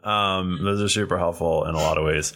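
A man's voice: low voice, steady tone, brisk, a bit bright. A man hosting a podcast in casual, easygoing chat, thanking listeners and wrapping up the episode. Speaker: podcast host.

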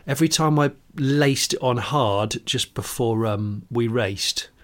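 A man's voice: mid-range voice, measured pace. A man co-hosting a podcast, telling anecdotes in casual chat and laughing easily. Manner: chatty storyteller, laughs easily, many restarts. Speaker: podcast co-host.

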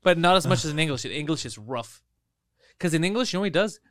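Man, podcast co-host, animated storyteller, swears a lot, higher voice, dry close sound. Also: fast, no room sound. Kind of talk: casual podcast banter.

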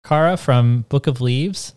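Male co-host, North American, casual rambler, mid-range pitch. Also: measured pace, a little mellow, clear, resonant tone. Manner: rambling, filler-heavy storytelling. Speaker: podcast co-host. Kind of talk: casual chat.

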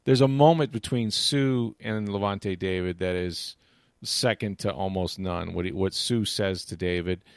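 Low-voiced man rambling about sports. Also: unhurried, no echo, clean studio sound. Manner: rambling, full of restarts and "you know"; animated retelling of game moments. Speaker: sports commentator. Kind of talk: casual chat.

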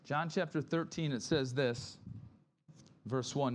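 A man's voice: mid-range voice, takes it slowly, pauses often, a little hiss or hum. A male pastor preaching a conversational sermon, often checking in with "right?" and acting out grumbling complainers in quoted asides.

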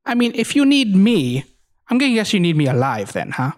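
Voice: medium pitch, sing-song, brisk. A tabletop game player answering with dry, defiant banter.

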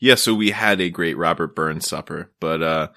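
A man with a low yet bright, forward voice co-hosts a comedy podcast. He drops crude jokes deadpan, recorded close and dry with no room sound. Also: moderate pace, vocal fry, no echo. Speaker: podcast co-host. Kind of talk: casual comedic banter.

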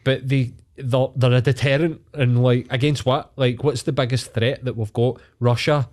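A man's voice: mid-range voice, little pitch movement, moderate pace, a little mellow. A man with a Glaswegian Scottish accent, co-hosting a podcast in casual chat, ranting heatedly and swearing a lot. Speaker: podcast co-host.

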